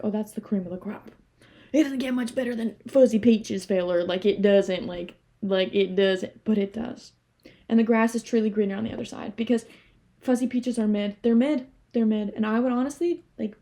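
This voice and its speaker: Rambling young woman, mellow voice. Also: medium pitch. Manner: rambling, animated, swears casually. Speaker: vlogger. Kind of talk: casual rambling monologue.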